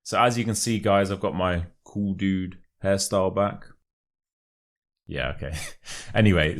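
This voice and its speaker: Deep-voiced English teacher with RP accent. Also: male voice. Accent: modern RP English. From England. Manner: chatty, explains slowly and gives examples. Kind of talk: casual lesson to camera.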